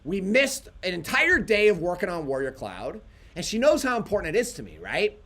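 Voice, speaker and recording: A man co-hosting a casual livestream, telling animated stories and quoting himself along the way. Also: high voice, brisk. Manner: animated storytelling, quotes himself. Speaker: livestream co-host.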